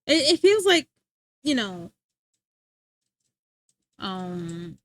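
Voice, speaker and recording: A woman's voice: medium pitch, sing-song, extremely slow, no room sound. A young adult woman streaming, rambling in casual chat and answering her chat, often restarting her sentences.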